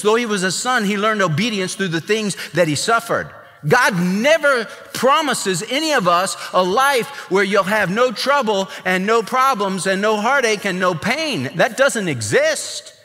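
A male pastor preaches with emphatic drama, his voice bright and pushing. His pitch rises and falls with animation. The sound rings with a long church reverb. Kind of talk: sermon.

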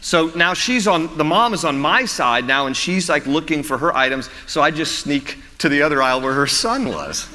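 Bright-voiced male preacher in a reverberant hall. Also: a little high, moderate pace, few pauses. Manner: storytelling with humor, chuckles. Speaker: pastor. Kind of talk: sermon.

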